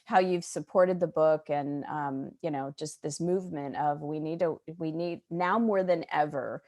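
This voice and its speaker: A woman hosting a podcast in casual, bubbly conversation, gushing and animated. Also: low-pitched, measured pace. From Arizona, United States. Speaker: podcast host.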